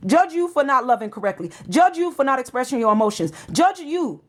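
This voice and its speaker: A woman's voice: sits high, sing-song, brisk. A woman gives a tarot reading. She talks in an emotional, preachy way, pressing each point with urgency. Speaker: tarot reader.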